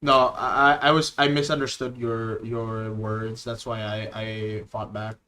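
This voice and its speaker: Excitable male streamer, bright voice. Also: fairly low pitch, a little slow, a little hiss or hum. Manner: excitable, laughing, swearing. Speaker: streamer reacting to videos. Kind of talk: casual livestream reaction.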